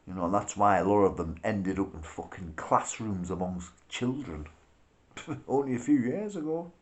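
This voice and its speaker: A man's voice: fairly low pitch, expressive, normal speed, darkish tone. A man delivering a profane, sarcastic rant to camera, laughing between his remarks. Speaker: political vlogger. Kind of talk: ranting monologue.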